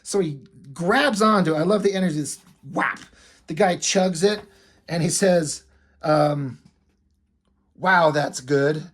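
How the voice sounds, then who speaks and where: A man's voice: high-pitched, a little slow. A man talking casually in a show-and-tell vlog, rambling, laughing often and swearing offhandedly. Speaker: video creator.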